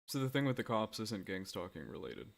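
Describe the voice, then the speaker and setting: Low-voiced guy hosting, asks careful questions, lots of ums and hesitating. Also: big pitch swings, a little fast, creaky. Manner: hesitant, probing with filler words. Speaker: interviewer host. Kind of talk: casual interview questions.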